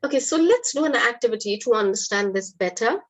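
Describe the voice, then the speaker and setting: Woman online teacher, raised pitch, upbeat and coaxing audience answers. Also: lively intonation, brisk. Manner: upbeat, encouraging, quizzes the audience. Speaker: English teacher hosting a webinar. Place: online webinar.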